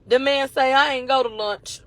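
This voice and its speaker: A woman doing casual commentary, retelling court testimony in an animated, profane way. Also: high-pitched, no room sound. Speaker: commentary host.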